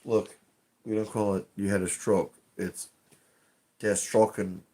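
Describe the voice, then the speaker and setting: A man with a fairly low voice hosts a casual live stream from his home. He rambles loosely, swears freely and trips over his sentences as he chats to viewers. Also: steady tone, measured pace, mellow. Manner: rambling, profane, restarts often.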